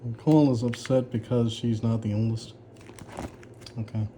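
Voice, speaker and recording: A man's voice: mid-range voice, fairly even intonation, a little slow, warm tone, a little hiss or hum. A man in casual commentary, reacting sarcastically to his own old writing, mocking it and laughing often. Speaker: author reviewing his old story.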